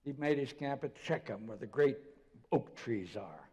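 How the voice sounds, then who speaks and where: Older man, pastor, mellow, storytelling sermon, reverberant church sound. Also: mid-range voice, lively intonation, moderate pace, slightly rough. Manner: conversational storytelling preacher, drops to soft voice for quotes. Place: church sanctuary.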